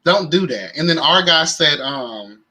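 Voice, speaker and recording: A man's voice: fairly high pitch, unhurried, poor audio. A young man hosting a live reality show recap in casual, campy commentary, with sass, slang. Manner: sassy, campy, animated with slang and exclamations.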